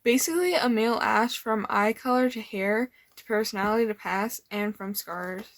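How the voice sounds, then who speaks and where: A woman's voice: fairly high pitch, brisk, no echo. A young woman casually rambling as she flips through her old sketchbooks, nervous and full of fillers. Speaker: artist showing old sketchbooks.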